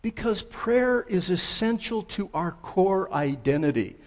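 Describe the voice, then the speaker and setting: A man preaching a sermon, telling stories in a conversational, relaxed way. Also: high voice, measured pace. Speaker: pastor.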